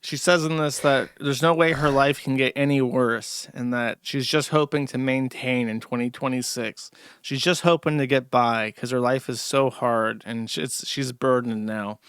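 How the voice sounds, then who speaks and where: A man's voice: medium pitch, fairly even intonation, moderate pace, a bit bright, smooth, no echo, studio quality. A man giving sarcastic, mocking livestream commentary as host. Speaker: commentary streamer.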